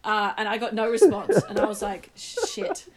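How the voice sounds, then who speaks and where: A woman's voice: mid-range voice, brisk, crowd noise. A young woman co-hosting a casual podcast, telling a story with frequent laughter. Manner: animated storyteller, laughs often. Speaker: podcast co-host.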